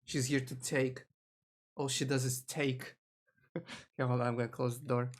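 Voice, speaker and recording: Streamer rambling at a desk mic, mid-pitched voice, lots of restarts. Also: level tone, normal speed. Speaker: VTuber streamer. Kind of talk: live reaction commentary.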